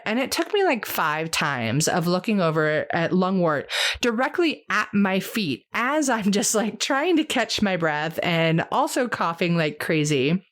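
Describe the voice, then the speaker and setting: A young adult woman hosting an herbal podcast, chatting casually and eagerly with lots of fillers. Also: medium pitch. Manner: chatty, enthusiastic, many fillers.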